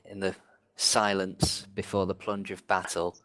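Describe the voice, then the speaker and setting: Man, very deep voice, deliberate, tabletop player describing actions. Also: flat delivery, a bit bright, dry recording. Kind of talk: narrating his character's actions in a tabletop game.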